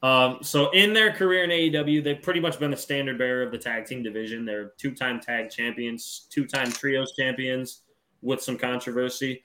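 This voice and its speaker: A man co-hosting a wrestling podcast, talking in a relaxed, rambling way with frequent ums. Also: mid-range voice, normal speed, slight background noise. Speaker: podcast co-host. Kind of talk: casual wrestling podcast chat.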